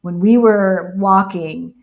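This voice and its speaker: A woman's voice: mid-range voice, fairly even intonation, slow pace. An American woman hosting a casual livestream with her partner, chatting and answering viewer questions. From United States. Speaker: co-host of a livestream.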